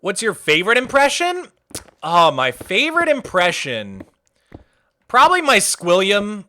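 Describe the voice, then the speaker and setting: A man's voice: sits high, huge pitch swings, measured pace, bright, forceful tone. A man chatting casually on a livestream, chatty and enthusiastic, rambling as he goes. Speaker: streamer.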